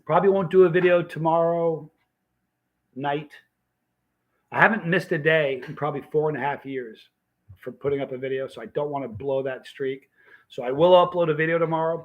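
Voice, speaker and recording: A man's voice: a little high, steady tone, fairly quick, lo-fi sound. A man hosting a casual livestream, telling a story in a rambling, emphatic way and often restarting his sentences. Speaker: vlog host.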